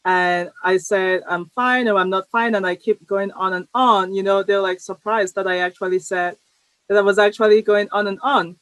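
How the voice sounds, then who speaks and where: A woman who is a guest on an interview podcast, telling animated stories and often laughing between points. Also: medium pitch, moderate pace, no echo, poor audio. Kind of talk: conversational interview.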